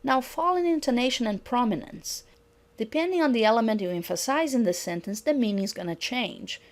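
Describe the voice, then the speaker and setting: A woman's voice: fairly high pitch, lively intonation. Woman lecturing on intonation. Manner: reads example sentences slowly and clearly. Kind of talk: recorded lecture on pronunciation.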